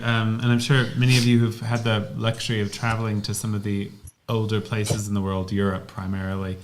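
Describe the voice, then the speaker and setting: A man co-hosting a live podcast, rambling through a story in a relaxed way. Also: lowish voice, a little fast. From United States. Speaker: co-host.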